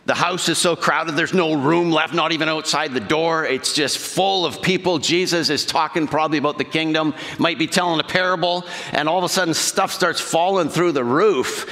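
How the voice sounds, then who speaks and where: A man's voice: fairly high pitch, moderate pace, hardly any pauses, sharp tone. A male pastor preaching a sermon in a church, talking conversationally and putting questions to the congregation. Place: church sanctuary. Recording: long hall reverb.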